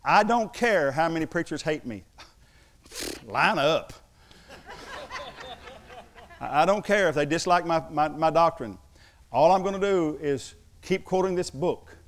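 A man's voice: a little high, animated, unhurried, pauses often. A man preaching a sermon as pastor to his congregation, emphatic and mixing in humorous asides.

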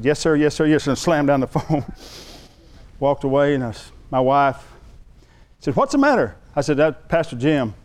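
A pastor preaches a sermon, telling a story with animation and acting out the voices of the people he quotes. His voice is on the high side.

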